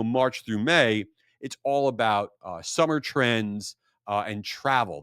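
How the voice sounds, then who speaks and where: A middle-aged man hosting his podcast, talking in a casual, animated storytelling way. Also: dry recording, studio quality. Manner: animated storytelling, rising to exasperated high pitch. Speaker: podcast host. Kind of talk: casual solo podcast monologue.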